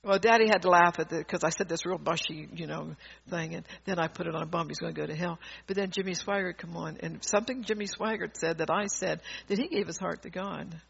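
A woman's voice: on the low side, a little fast, creaky, slightly rough. A woman preacher giving a fervent, emphatic sermon, often laughing mid-sentence and restarting her sentences. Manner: rambling with frequent restarts. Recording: dull lo-fi recording.

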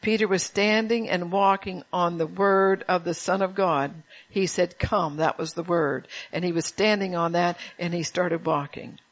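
A woman's voice: on the low side, steady tone, moderate pace, few pauses, low-quality recording. A woman preaching a sermon to a congregation, folksy and chatty, with laughing asides and call-outs to the room.

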